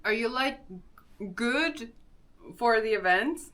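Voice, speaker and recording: A woman's voice: a little high, expressive, slow pace, a bit bright. A young woman with a Swedish accent, chatting casually on a live stream, greeting viewers and laughing often.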